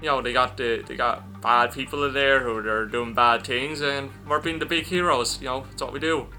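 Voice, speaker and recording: A man's voice: mid-range voice, fairly even intonation, normal speed, bright, forceful tone, faint music behind. A man voicing a flustered young female punk hero who stammers in a raised voice.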